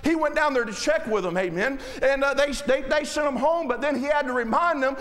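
A man in his thirties preaching a sermon, impassioned and folksy, often rising to shouts as he speaks straight to the congregation. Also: very high-pitched, animated, a little fast, hardly any pauses, big-room sound. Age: 30s. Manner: folksy, addresses the congregation directly.

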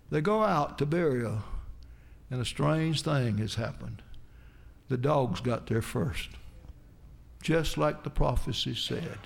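A man's voice: medium pitch, creaky. A man preaching a sermon, retelling a Bible story in a folksy, dramatic way with frequent asides to his listeners.

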